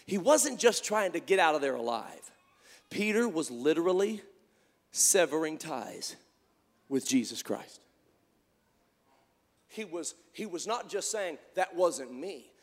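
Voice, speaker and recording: A man with a high voice preaches with fervor, telling the story and then calling out to the congregation. His voice rings with a long echo in a large church sanctuary. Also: big pitch swings, measured pace, long pauses. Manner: fervent storytelling preaching, rising to shouts. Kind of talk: sermon.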